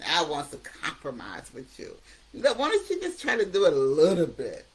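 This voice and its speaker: A woman's voice: sits low, wildly swooping pitch, moderate pace, heavily acted. A woman voicing the manipulative inner voice of addiction, wheedling and demanding.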